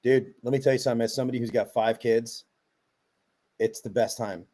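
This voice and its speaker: Mellow-voiced man telling rambling stories. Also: medium pitch, brisk. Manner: animated, rambling storyteller. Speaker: podcast guest. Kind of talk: casual podcast conversation.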